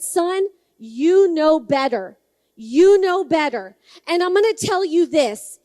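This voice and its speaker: A woman's voice: very high voice, a little mellow, no room sound. A woman, a congressional candidate giving a campaign speech and telling stories while talking directly to the crowd. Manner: conversational storytelling, addresses the crowd directly.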